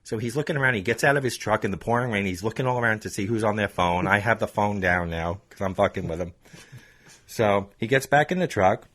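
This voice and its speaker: A man's voice: on the low side, a little fast. A man from Long Island, New York, hosting a podcast, telling a road rage story in casual chat. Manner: animated, laughs often, acts out phone dialogue. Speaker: podcast host.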